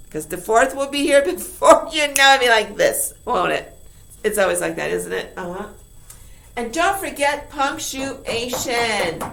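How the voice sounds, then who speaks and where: High-voiced lady teacher going slow over review stuff, keeps asking okay?, cheerful and emphatic. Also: fairly bright tone. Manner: asks rhetorical questions and checks in with "okay?"; upbeat, emphatic and encouraging. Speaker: high school English teacher. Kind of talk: recorded class review lesson.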